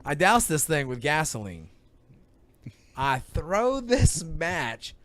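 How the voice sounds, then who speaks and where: A man hosts a casual podcast and throws himself into funny stories. His voice sits a little high and swings widely in pitch. He laughs often while he talks. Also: slow pace, no echo. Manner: animated storyteller, bursts of laughter. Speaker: podcast host. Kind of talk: casual chat, storytelling.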